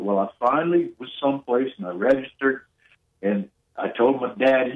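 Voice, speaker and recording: A man's voice: mid-range voice, brisk. Folksy man telling stories over a dull line. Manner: folksy, animated storyteller acting out quotes. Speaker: caller. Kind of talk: storytelling on a call-in show.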